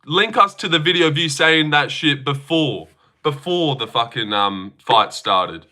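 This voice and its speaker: A man hosting a casual livestream, chatting with viewers and reacting in an animated, sweary, teasing way. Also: fairly high pitch, a little slow. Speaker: livestream host.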